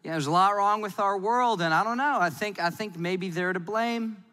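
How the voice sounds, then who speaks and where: A man preaching a sermon in a lively, playful, conversational way. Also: sits high, normal speed, big-room sound. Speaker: pastor.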